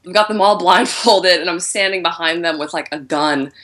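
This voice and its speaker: A woman's voice: on the low side, moderate pace, a bit bright. A woman from the United States with an American accent that drifts toward Australian, chatting casually and bluntly, swearing freely and laughing often. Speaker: guest, adult film performer. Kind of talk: casual podcast chat.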